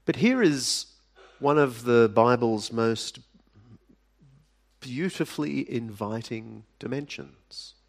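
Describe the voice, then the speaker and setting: A man preaching a sermon, speaking deliberately with dramatic pauses and sudden drops to a hush. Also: medium pitch, lively intonation, gravelly. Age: adult. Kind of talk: sermon to a live audience.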